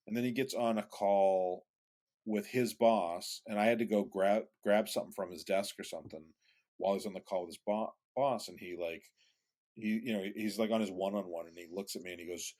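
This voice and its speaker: Lower-voiced man telling a rambling story. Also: brisk, a little mellow. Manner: rambling, with restarts and swearing. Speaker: podcast co-host. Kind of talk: casual conversational storytelling.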